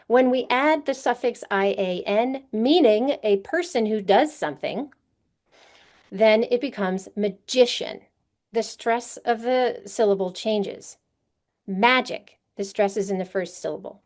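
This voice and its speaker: A woman with a somewhat high, slightly mellow voice gives a literacy workshop to teachers at a conference. She lays things out patiently, often pausing to ask a rhetorical question.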